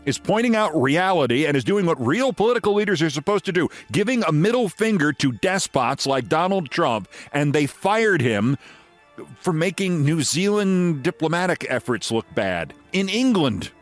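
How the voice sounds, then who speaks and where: A man in his sixties delivers commentary with biting sarcasm and theatrical emphasis. His pitch swings widely as he speaks, and a faint bed of music plays beneath him. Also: very animated, normal speed. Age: 60s. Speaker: host. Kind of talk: political commentary and story reading.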